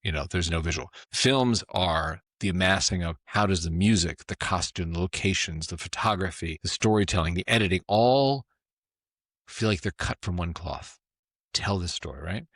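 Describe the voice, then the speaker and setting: Low-voiced man telling film stories. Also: moderate pace, a bit bright, dry recording, clean studio sound. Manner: enthusiastic, acts out quotes, keeps asking "right?". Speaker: podcast guest, former film executive. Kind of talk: animated storytelling conversation.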